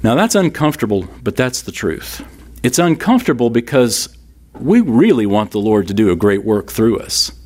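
A man's voice: on the low side, darkish tone. A man teaching a Bible class in a sermon style, emphatic, repeating key lines and speaking straight to his listeners.

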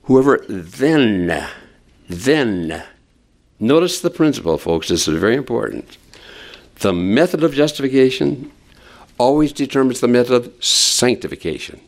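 An older man preaching a sermon as a pastor, animated and stressing key words. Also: medium pitch, unhurried.

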